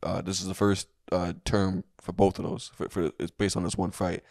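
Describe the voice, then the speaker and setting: A man's voice: sits low, flat delivery, normal speed, a little mellow, no echo, studio quality. A young adult man co-hosting a comedic history podcast, telling the story loosely with restarts and jokey put-on quotes. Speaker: podcast co-host. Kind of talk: casual comedic history chat.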